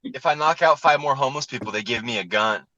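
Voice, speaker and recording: A man telling profane, animated stories in casual chat as a comedian guest on a podcast, acting out the people he quotes. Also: medium pitch, fast, no echo, dull audio.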